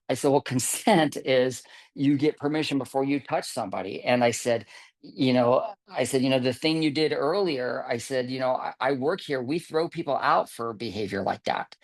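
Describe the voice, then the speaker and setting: A man's voice: medium pitch, fairly quick. A man telling a casual story in a rambling way, full of fillers and restarts, acting out what others said. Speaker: camp volunteer telling a story. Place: online video call.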